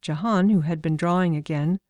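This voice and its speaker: A woman narrating an audiobook in a calm, measured way. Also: on the low side, no room sound, lo-fi sound.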